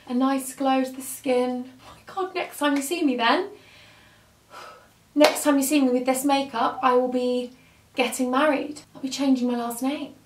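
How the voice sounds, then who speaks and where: A woman's voice: on the high side, recorded from a distance. A young woman chatting through her wedding makeup, gushing and close to tears. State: emotional, near tears. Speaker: beauty vlogger. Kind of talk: casual makeup tutorial chat. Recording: roomy echo, slightly off-mic.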